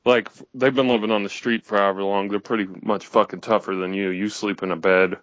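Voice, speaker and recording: A man's voice: fairly low pitch, flat delivery, fairly quick, fairly bright tone, no room sound, highs cut off. A man co-hosting a comedy talk show, chiming in casually with extra details in a laid-back way.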